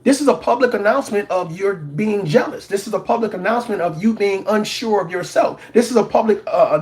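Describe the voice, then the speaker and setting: A man hosting a reaction commentary show, preaching at his audience, repeating words for emphasis and mocking others in put-on voices. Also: extremely high pitch. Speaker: commentary channel host.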